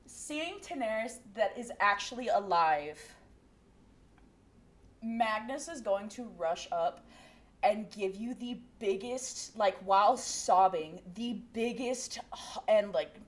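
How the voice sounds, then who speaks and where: A woman playing a tabletop game, animated and prone to shrieks and laughter. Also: medium pitch, takes it slowly. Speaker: player. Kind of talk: excited tabletop game play.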